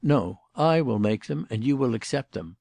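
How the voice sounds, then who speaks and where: Casting: man reading an icy, formal gentleman, gravelly and dark, speaking with detached precision. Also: mid-range voice, expressive, moderate pace, no room sound. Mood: cold. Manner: passionless and formal. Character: cold, commanding male suspect.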